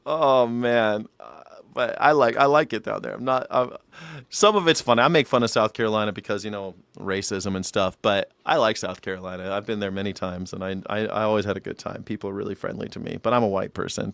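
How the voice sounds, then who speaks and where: A man's voice: on the low side, fast, gravelly, a bit bright, no room sound. An American man hosting a news reaction show, talking casually, rambling and swearing, often laughing. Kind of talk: casual live-stream reaction commentary.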